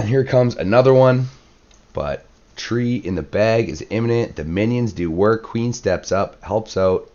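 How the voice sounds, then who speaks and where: A man with a very deep voice narrates a strategy game battle in relaxed play-by-play, voice worn hoarse and cracking. He fills gaps with "uh" and "um" and clears his throat often. The recording sounds a little muffled and lo-fi. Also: a little slow. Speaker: clan war commentator. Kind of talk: gameplay commentary.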